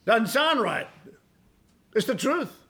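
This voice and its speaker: A man in his sixties preaching a sermon as pastor, folksy and emphatic, swinging from quiet asides to loud exclamations. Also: very high-pitched, very animated, takes it slowly. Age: 60s.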